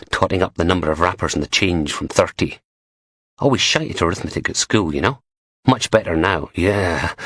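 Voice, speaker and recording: A man's voice: low voice, fairly bright tone, slightly rough, no room sound, clean studio sound. A man narrating a crime thriller audiobook in a gritty, sardonic way.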